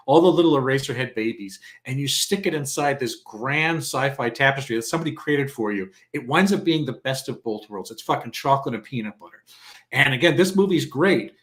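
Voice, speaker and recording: A man talks as a guest in a casual film chat, animated and blunt, with swearing mixed in. His voice sits at an ordinary pitch. He sounds as if he is on a video call. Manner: animated, swears freely, acts out quoted lines. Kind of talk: casual film discussion on a livestream.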